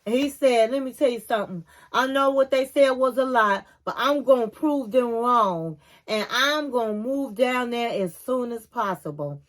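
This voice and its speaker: A woman's voice: fairly high pitch, moderate pace. A woman hosting a casual TV recap, animatedly retelling scenes and acting out what people said, with opinionated asides. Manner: animated storyteller, acts out quotes, opinionated asides. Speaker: reality TV recap host.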